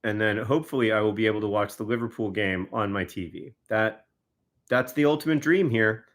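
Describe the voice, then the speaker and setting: A man's voice: lowish voice, a little fast. A man, chatting casually on a livestream, giving exasperated, wry running commentary to viewers. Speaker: livestreamer signing autographs.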